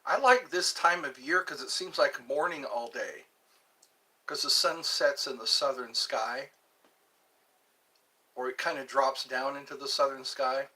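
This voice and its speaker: A man's voice: medium pitch, measured pace, long pauses, pushed and bright. A man hosting his own casual vlog, musing aloud and drifting from one topic to the next. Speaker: channel host. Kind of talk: casual solo vlog chat. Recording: voice a bit far from the mic.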